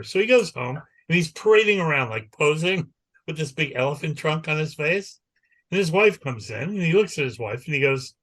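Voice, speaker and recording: A man co-hosting a podcast in casual chat, telling a long rambling story and acting out the people in it. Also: a little high. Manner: rambling animated storyteller who acts out the people he quotes. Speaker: podcast co-host.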